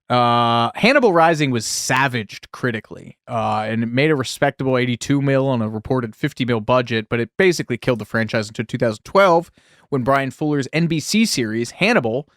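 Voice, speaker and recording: A man's voice: mid-range voice, a bit bright, no echo, clean studio sound. A man co-hosting a casual podcast, reading out film history with wry, sarcastic asides. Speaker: podcast co-host.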